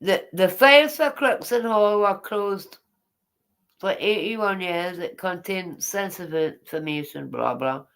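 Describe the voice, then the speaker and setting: A woman's voice: on the low side, a little slow, a bit bright. Chatty woman reading aloud. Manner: chatty, digressive, teasing asides. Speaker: vlogger reading her memoir aloud.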